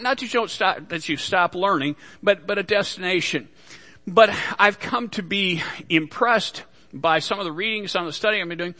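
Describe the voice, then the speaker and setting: Man, pastor, sermon; high bright voice, earnest teaching in a long-reverb church hall. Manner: earnest, repetitive teaching with restarts.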